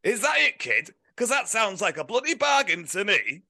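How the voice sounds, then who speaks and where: A man's voice: high voice, very animated, normal speed, creaky, bright, forceful tone, pitched above the performer's own voice, exaggerated voice. A man putting on a bluff older male football manager with a Yorkshire accent. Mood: jovial.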